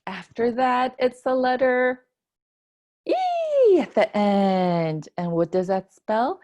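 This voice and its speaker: A woman's voice: fairly high pitch, very animated, takes it slowly, darkish tone. A woman, a children's librarian, teaching a preschool storytime lesson with gasps and a sing-song delivery for small children.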